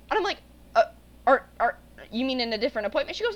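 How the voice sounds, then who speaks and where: Young woman telling animated stories. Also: high-pitched, very fast. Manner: animated storytelling, acting out quoted voices. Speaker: podcast co-host. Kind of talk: casual chat.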